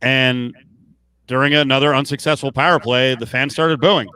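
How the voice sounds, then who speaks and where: A man's voice: medium pitch, steady tone, normal speed, pushed and bright, clear, resonant tone, no echo. A man co-hosting a late-night sports podcast, ranting with heated, profane outbursts. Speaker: podcast co-host.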